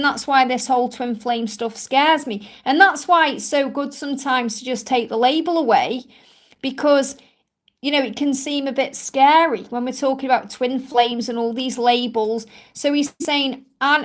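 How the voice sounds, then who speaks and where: A woman from England with a strong Stoke-on-Trent accent, chatting and reassuring viewers as a spiritual reader in a live stream Q&A. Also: high-pitched. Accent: Stoke-on-Trent English. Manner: chatty, reassuring, many "you know" fillers.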